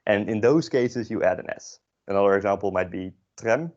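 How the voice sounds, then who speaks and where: Low-voiced man teaching, dull lo-fi sound. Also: moderate pace, darkish tone. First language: Dutch. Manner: hesitant, with many fillers and self-corrections. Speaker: Dutch language teacher. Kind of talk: informal classroom lesson. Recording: dull lo-fi classroom recording.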